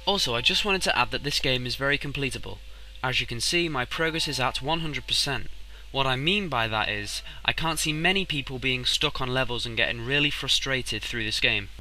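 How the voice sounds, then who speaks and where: A man reading a game review in a steady, measured, slightly formal way. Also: mid-range voice, a little hiss or hum, poor audio. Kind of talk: read game review voice-over.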